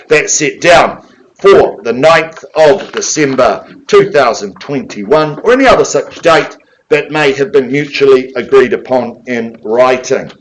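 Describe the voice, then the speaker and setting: A man with a New Zealand accent and a mid-range voice calls a live property auction in a room, blending flowery sales patter with a rapid chant of bids. The audio quality is poor.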